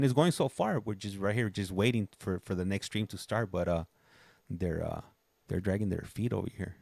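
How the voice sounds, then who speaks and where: Low gravelly man chatting casually. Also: animated, moderate pace, darkish tone, no echo. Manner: rambling, chatty, many restarts. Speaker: livestream host. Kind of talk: casual chat.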